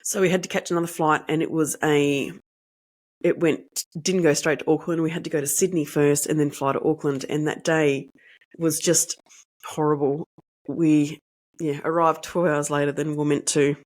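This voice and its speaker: A woman, hosting a podcast and telling a personal story in an animated, indignant way, acting out the dialogue. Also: deep voice, moderate pace. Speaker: podcast host.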